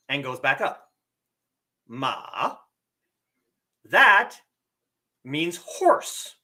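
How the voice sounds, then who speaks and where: A man giving a live-streamed lesson, explaining slowly and deliberately and drawing out his spoken examples. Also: fairly high pitch, bright, forceful tone. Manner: reads viewer comments aloud. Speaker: teacher and streamer.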